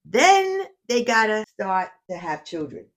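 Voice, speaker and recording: Animated older grandma, big swoopy voice, laughs a lot, chatting at home. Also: female voice, medium pitch, unhurried. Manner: lively, boastful storyteller who laughs often. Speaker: podcast guest grandmother. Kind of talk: casual chat.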